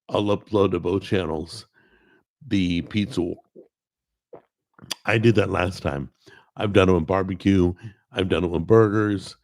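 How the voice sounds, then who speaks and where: A man's voice: sits low, creaky, a little mellow, dry recording. A man hosting a live stream, chatting casually and rambling, greeting people in the chat and often correcting himself. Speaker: host.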